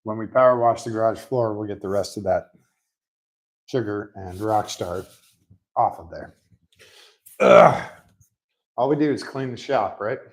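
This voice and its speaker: A man's voice: on the low side, a little slow, long pauses, low-quality recording. A man in his garage, casually explaining a car repair in a chatty, rambling, self-mocking way, recorded on a laptop set on a rolling stool. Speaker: mechanic showing a repair. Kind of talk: casual workshop vlog. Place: home garage workshop.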